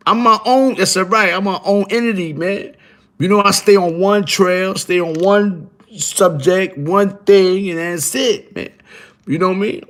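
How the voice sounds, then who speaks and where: A man's voice: high-pitched, measured pace, a bit bright. Rambling streetwise New man. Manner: rambling, repetitive, streetwise slang, frequent "you heard?"; profane and emphatic. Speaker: guest on a live show. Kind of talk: casual live-stream talk.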